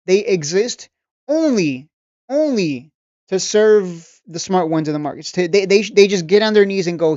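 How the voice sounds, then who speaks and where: A man's voice: high-pitched, expressive, moderate pace, a little mellow, no room sound. Guy ranting about traders, preachy and mocking, keeps repeating himself, kinda dull dry lo-fi audio. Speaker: trading coach and channel host. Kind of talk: casual ranting video monologue. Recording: dull, slightly lo-fi dry recording.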